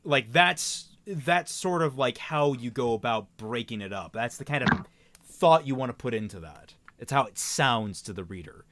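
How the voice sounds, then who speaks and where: A man co-hosting a stream, reading fan writing aloud and critiquing it in halting, casual talk. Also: medium pitch, slight background noise. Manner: halting, many restarts, lively when reading quotes.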